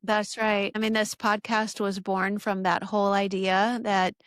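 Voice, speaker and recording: A woman's voice: mid-range voice, level tone, unhurried, dry recording. Affirming woman podcast host. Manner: warmly affirming, brief interjections. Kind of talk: casual podcast chat.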